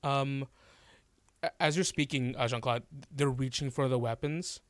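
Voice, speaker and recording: A man narrating a tabletop game as game master, halting and full of fillers and restarts. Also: medium pitch, steady tone, no room sound.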